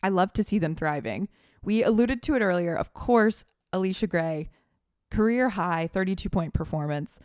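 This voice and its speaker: A woman's voice: mid-range voice, lively intonation, normal speed, a little mellow, dry recording, clean studio sound. A woman co-hosting a podcast, chatting casually and enthusiastically about basketball as a fan. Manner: enthusiastic, gushing fan talk. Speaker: podcast co-host. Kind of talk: casual sports chat.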